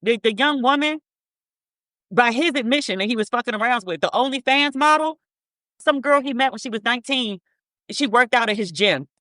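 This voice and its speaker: Sharp-toned and animated, this slightly high-voiced woman hosts a podcast at a moderate pace. Her casual commentary is blunt and profane, with repeated words for emphasis and statements read aloud, in echo-free studio quality.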